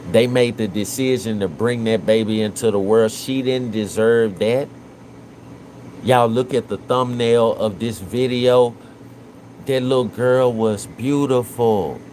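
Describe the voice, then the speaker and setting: A man's voice: medium pitch, fairly even intonation, unhurried, a little mellow, slight background noise, poor audio. A man, live-streaming emotional commentary and talking earnestly and repetitively to his chat.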